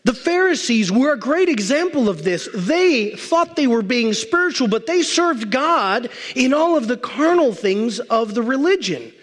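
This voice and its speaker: A male pastor preaching a sermon, emphatic, stacking repeated phrases and slowing down to stress key words. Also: very high-pitched, sing-song, fairly bright tone. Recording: long reverb of a large hall.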